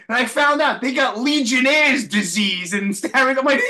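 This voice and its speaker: A man's voice: extremely high pitch, moderate pace, pushed and bright. A man hosting a podcast, telling stories with laughs and swearing. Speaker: podcast host. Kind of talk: casual podcast chat.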